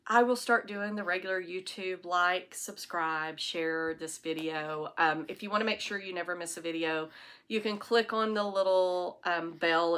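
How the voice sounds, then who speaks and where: A woman's voice: lowish voice, fairly bright tone. A woman hosting her own knitting podcast, chatting casually and rambling to an iPad camera on a tripod at home. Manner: chatty, rambling, self-deprecating. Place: at home, alone.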